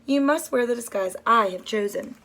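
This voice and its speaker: A woman's voice: a little high, moderate pace, a bit bright. Brief: woman voicing a polite, firm museum director in a storybook read-aloud. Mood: formal.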